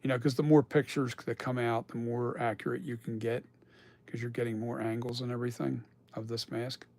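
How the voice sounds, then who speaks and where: Gravelly, rambling man on a live stream. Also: medium pitch, flat delivery, brisk, a little mellow. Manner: rambling, chatty, swears casually, laughs often. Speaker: mask sculptor on a live stream. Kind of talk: casual live-stream chat.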